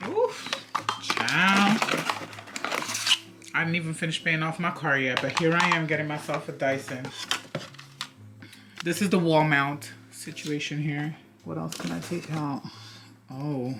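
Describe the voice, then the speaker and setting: A woman's voice: low voice, a little slow, long pauses, music in the background. A young woman vlogging a dramatic unboxing, theatrical and sassy, chatting straight to her viewers.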